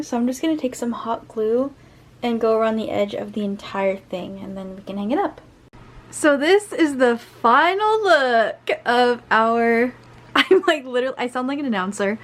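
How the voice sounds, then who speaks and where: A woman's voice: a little high, rough recording. A young woman chatting casually through a crochet craft vlog, rambling and upbeat. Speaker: crochet vlogger.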